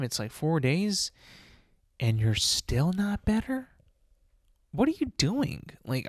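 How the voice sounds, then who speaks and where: Young male podcast host, mid-pitched, exasperated rant style, dry close-miked sound. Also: dry recording. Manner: exasperated ranting, many fillers and rhetorical questions.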